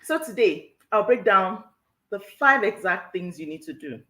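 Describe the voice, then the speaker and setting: A woman's voice: mid-range voice, lively intonation, measured pace, bright, forceful tone, roomy sound, low-quality recording. A woman coach hosting an online workshop who talks emphatically, repeats herself and laughs often. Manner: emphatic and repetitive, with frequent "all right"; laughs often while talking. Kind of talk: live online workshop talk.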